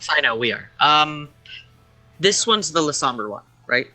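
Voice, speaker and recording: A man's voice: fairly high pitch, sing-song, a little slow, bright, forceful tone, faint music behind. A man playing a tabletop role-playing game, checking rules in a hesitant, apologetic way. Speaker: player. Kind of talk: casual tabletop play.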